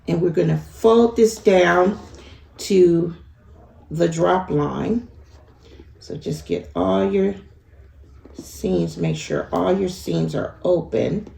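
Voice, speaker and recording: A woman's voice: on the low side, expressive, slow pace, creaky, pauses often, dark tone. A woman giving a chatty sewing tutorial to her viewers, laughing at herself as she works. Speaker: sewing instructor. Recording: echoey room with faint ambient noise.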